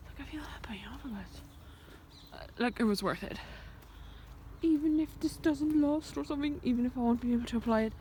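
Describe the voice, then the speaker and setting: Young-sounding woman, fairly high voice, musing to a handheld camera on a hike, slips into whispers, faint birdsong and wind around her. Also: brisk, mellow. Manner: rambling, thinking aloud, often drops to a whisper. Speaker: vlogger. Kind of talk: reflective walking vlog. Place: outdoors in the countryside by a fence. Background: birds and sheep in the open air.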